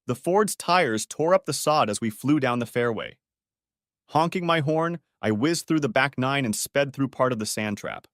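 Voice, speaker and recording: A man narrating an audiobook in the first person at a medium pitch. He reads steadily, with a dry, close sound and no room around the voice. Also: lively intonation, normal speed, fairly bright tone, no room sound.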